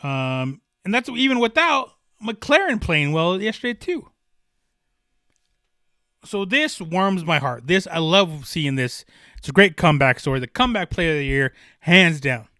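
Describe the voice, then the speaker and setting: A young man riffs through a solo sports podcast, his voice bright and a touch high. He talks with fervent emphasis, circling back and restarting his thoughts. The sound is dry and close. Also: very animated, unhurried, no room sound. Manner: passionate, emphatic, rambling with restarts. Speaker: podcast host.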